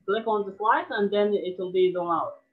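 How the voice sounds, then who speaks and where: A man's voice: high-pitched, fairly even intonation, normal speed. A man guiding a presenter during an online class, speaking patiently over call audio. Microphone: video call. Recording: tinny phone-like call audio.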